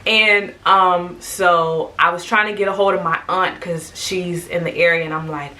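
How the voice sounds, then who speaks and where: Bright-voiced young woman telling a story. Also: lowish voice, measured pace, far from the mic, poor audio. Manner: animated, lively, quotes people in raised voices. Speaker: vlogger. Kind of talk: casual storytelling.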